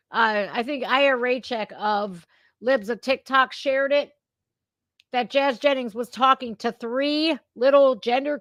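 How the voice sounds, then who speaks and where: A woman hosting her own show rants in a casual, fired-up way, swearing plenty as she reacts to things. Her voice is fairly high and fairly bright, recorded without echo on a remote streaming setup.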